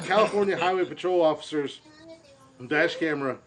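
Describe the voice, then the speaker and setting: A man's voice: fairly high pitch, huge pitch swings, a little slow. A man hosting a comedy podcast, reading a news story and riffing on it crudely while laughing at his own jokes. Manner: laughs through his own jokes, stumbles over words. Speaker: podcast host.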